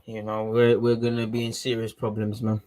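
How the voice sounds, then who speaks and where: A young man hosting a live football watchalong. He is excitable, shouts at the referee and drops to low mutters in between. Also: normal speed. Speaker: fan watchalong host.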